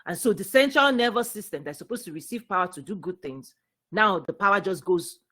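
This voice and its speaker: A woman giving a spiritual teaching talk, preaching with animation, repeating words and swinging between loud and soft. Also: mid-range voice, lively intonation, a little fast.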